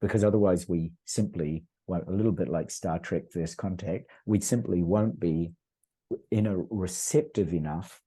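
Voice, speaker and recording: A man's voice: low-pitched, moderate pace, mellow, slightly rough. A middle-aged man, a podcast guest, talking in an earnest, rambling way with many restarts. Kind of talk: casual conversational storytelling.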